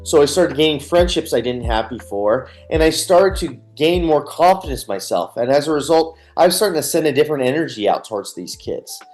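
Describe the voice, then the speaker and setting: A man's voice: fairly high pitch, lively intonation, brisk, few pauses, darkish tone, soft background music. A man, a guest on a radio interview, candidly telling his personal story and replaying scenes. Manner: earnest, candid, retells scenes with quoted dialogue.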